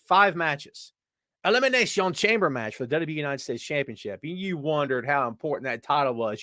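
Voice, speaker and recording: A man's voice: mid-range voice, lively intonation, normal speed, bright, forceful tone, no echo, clean studio sound. A man hosting a casual live show, chatting and joking as he reads viewer comments aloud. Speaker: podcast host. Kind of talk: casual live-stream chat.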